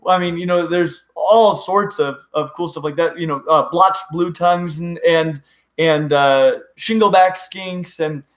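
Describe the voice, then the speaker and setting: A middle-aged man chatting on a live stream with a fairly high voice, tumbling eagerly through his thoughts and restarting sentences. The room around him is echoey. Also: unhurried, a bit bright. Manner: rambling, restarts often, eager. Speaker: host of a reptile channel. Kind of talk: casual live-stream chat.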